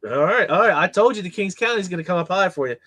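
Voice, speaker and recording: A man calls out the rankings from his notes in brisk, matter-of-fact fashion, teasing the host along the way. His voice is bright and somewhat high, and the sound is dry and close. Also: lively intonation, no echo. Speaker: co-host reading results. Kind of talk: casual chat.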